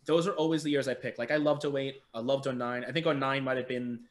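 A young adult man, a podcast guest, telling stories in casual chat over a remote call, animated and swearing freely. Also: medium pitch, quick pace, a little hiss or hum. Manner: animated, swears freely, acts out quoted people. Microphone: remote call mic.

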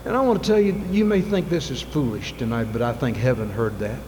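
Fervent preacher with echoing hall sound. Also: male voice, medium pitch, a little fast. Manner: swings from soft and intimate to loud fervent shouting. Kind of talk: sermon. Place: church sanctuary. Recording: long reverb, faint ambient noise.

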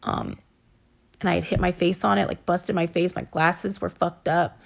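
A woman hosting a podcast, telling her own story in a casual, halting way, full of fillers and swearing. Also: fairly low pitch, gravelly. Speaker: podcast host. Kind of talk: personal storytelling monologue.

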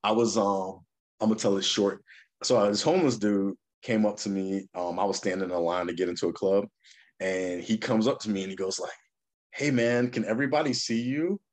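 Male podcast co-host, laid-back storyteller, jumps high for quoted voices. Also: a little fast. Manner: animated storyteller, acts out quotes in a raised voice. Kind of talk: casual storytelling chat.

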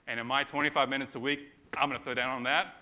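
Bright-voiced animated male pastor preaching. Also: mid-range voice, fast. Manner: conversational, animated preaching with asides. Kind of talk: sermon.

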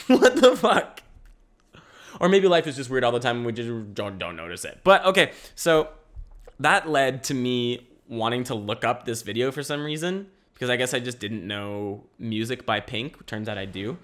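A man's voice: mid-range voice, lively intonation, normal speed, fairly bright tone. A young man hosting a casual solo podcast from home, rambling with restarts and swearing. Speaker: podcast host. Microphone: camera mic.

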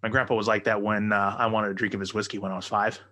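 A man telling stories in a casual chat, profane and animated, often acting out the people in his stories. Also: lowish voice, fast.

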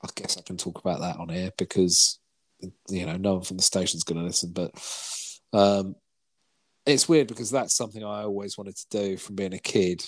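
Man, forties, rambling storyteller, lowish voice, casual podcast chat. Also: steady tone, normal speed. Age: 40s. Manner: rambling storyteller, swears, acts out quoted lines. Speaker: podcast co-host.

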